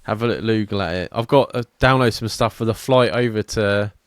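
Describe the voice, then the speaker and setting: A relaxed man chatting on a podcast, swearing freely and laughing easily. His voice sits on the low side and sounds close and dry, with no room around it. He talks the way mates talk over a drink. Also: brisk, smooth, no echo. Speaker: podcast co-host. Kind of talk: casual chat.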